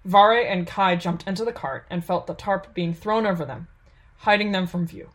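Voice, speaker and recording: A woman narrating a fantasy audiobook in a steady, measured storytelling voice. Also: fairly low pitch.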